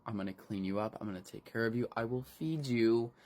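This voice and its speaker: A man reading the lines of a motherly young woman who gently reassures a broken man. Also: medium pitch, brisk, natural voice. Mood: soothing. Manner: soft, reassuring.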